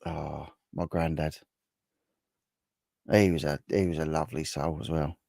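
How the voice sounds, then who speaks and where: A man's voice: rumbling low, steady tone, a little slow, gravelly, mellow, no room sound, clean studio sound. A middle-aged man, hosting a casual livestream, chatting and answering viewer comments in a rambling way. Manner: chatty and rambling, with many restarts. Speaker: livestream host. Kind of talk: casual live chat reading viewer comments.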